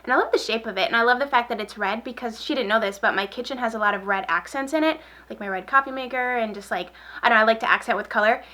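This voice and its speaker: A woman beauty vlogger in a relaxed get-ready-with-me chat, rambling and repeating herself while she applies makeup. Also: a little high, fast. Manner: talks while applying makeup.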